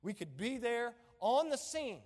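A male pastor with a drawl, preaching an impassioned sermon that swings between loud emphasis and hushed asides. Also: extremely high pitch, sing-song, a little slow, long reverb tail.

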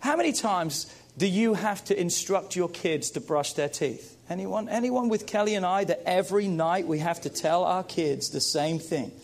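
Emphatic pastor preaching to parents. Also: male voice, sits high, expressive, normal speed, hardly any pauses. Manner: emphatic, repeats phrases, calls out to the congregation. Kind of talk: sermon.

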